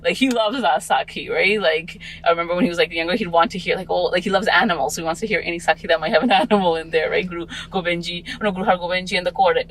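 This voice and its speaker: A woman's voice: fairly low pitch, rapid-fire, hardly any pauses, a little hiss or hum, low-quality recording. Reflective woman in her forties. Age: 40s. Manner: reflective, rambling with many fillers. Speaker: podcast guest, parent. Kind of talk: casual podcast conversation.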